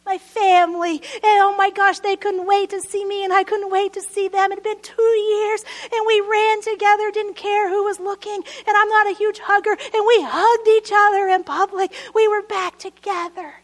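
A woman preaching a sermon, earnest and pleading, swelling louder on her appeals and dropping to near-whispers on tender lines. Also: very high voice, level tone, moderate pace, few pauses.

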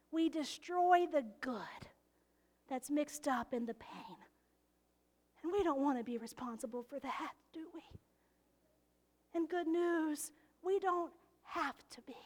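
A woman preaching a sermon, expressive and often laughing, dropping into hushed whispers to stress a point. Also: high voice.

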